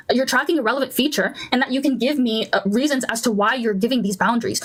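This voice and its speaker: A woman debating heatedly online, insistent and repeating herself to talk over interruptions. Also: on the high side.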